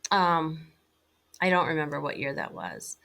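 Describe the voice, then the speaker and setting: A middle-aged woman recounting a hunting trip as an interview guest, animated and full of "like"s and fillers. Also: deep voice, measured pace, gravelly. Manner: animated, many fillers and "like"s, laughing now and then. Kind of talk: casual storytelling.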